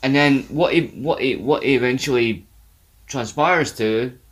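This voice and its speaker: A man's voice: medium pitch, measured pace. A man co-hosting a podcast, chatting casually and laughing often as he recaps a sitcom episode. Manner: animated, laughs a lot, self-deprecating. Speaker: podcast co-host.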